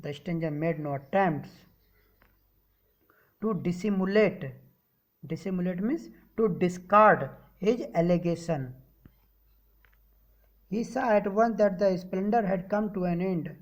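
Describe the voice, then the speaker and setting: A teacher with an Indian English accent walks through a story slowly and patiently. Each sentence is read aloud, then glossed in plainer words. The recording sounds somewhat dull and muffled. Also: mid-range voice. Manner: reads a line, then repeats it in simpler words. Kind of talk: explaining a story lesson.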